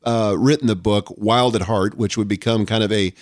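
A man's voice: lowish voice, steady tone, normal speed, no echo. Earnest older man on a dry mic. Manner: earnest, reflective, reads quotes aloud. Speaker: podcast host. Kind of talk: scripted podcast monologue.

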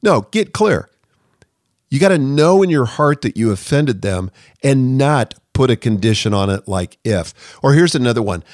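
Podcast host, male, earnest and direct, dry close mic, mid pitch. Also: animated, moderate pace, darkish tone, no room sound. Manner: earnest, direct, acts out sample apologies in quotes. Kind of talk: conversational podcast advice.

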